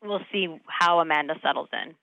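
A young adult actress talking casually in an interview, chatty, laughing often and full of fillers and restarts. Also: female voice, deep voice, a little fast, vocal fry, bright, forceful tone, no echo, muffled recording. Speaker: actress guest.

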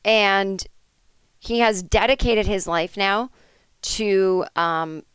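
A woman's voice: medium pitch, takes it slowly, fairly bright tone, clean tone, no echo. A woman hosting a podcast, telling an improvised comic story in a rambling, chatty way with lots of fillers and asides. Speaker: podcast host.

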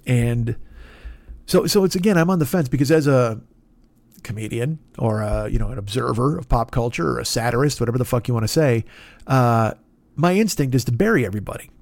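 A man's voice: mid-range voice, lively intonation, fairly quick, gravelly, darkish tone, no echo. A man who works as a comedian, hosting a podcast in a casual, rambling monologue full of swearing and restarts. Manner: profane, rambling, self-interrupting. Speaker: podcast host.

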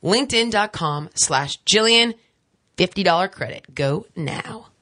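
A woman's voice: fairly low pitch, lively intonation, measured pace, a bit bright. A woman host reading sponsor ads in a chatty, emphatic way, with casual asides. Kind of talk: casual ad read.

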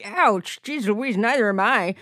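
A woman's voice: mid-range voice, a little slow, pushed and bright. An actress playing a crude, lonely woman poison-maker who talks in a brash, bawdy, chummy way.

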